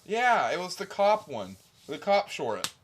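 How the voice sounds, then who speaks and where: Slightly high-voiced young man reminiscing. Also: sing-song, measured pace. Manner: rambling, swearing, reminiscing with laughs. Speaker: stream co-host. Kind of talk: casual stream chat.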